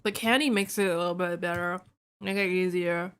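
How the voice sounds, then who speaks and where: A woman's voice: lowish voice, fairly even intonation, a little fast, a bit bright, clear, resonant tone. A young woman streaming casually while tipsy, sleepy and rambling, swearing a lot. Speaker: vtuber streamer. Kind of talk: casual drinking stream chat.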